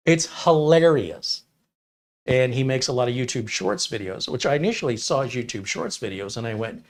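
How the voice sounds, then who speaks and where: In a mid-range voice at a fairly quick clip, the fifty-something computer technician from Michigan, USA, fields viewer questions on his livestream. His casual chat is wry and opinionated, sprinkled with sarcasm.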